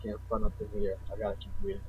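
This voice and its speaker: A man's voice: lowish voice, completely flat delivery, very fast, warm tone, breathy edge, low-quality recording. A man co-hosting a wrestling podcast in a laid-back way, often calling his friend "son". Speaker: podcast co-host. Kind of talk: casual wrestling podcast chat.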